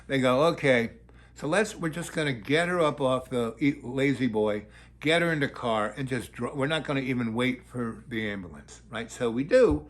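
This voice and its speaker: A man's voice: mid-range voice, moderate pace. An older man telling a long, digressive anecdote in a loose, casual way, breaking into voices for the people in it. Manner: loose, digressive, acts out quotes. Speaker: storyteller.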